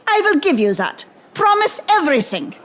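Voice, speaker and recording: Casting: a woman doing a boastful German-accented propaganda chief, high, swooping delivery. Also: sing-song, moderate pace. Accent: put-on German. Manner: boastful, mock-instructive, shifting pitch. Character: male Nazi propaganda minister, smug lecturer. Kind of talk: musical comedy acting.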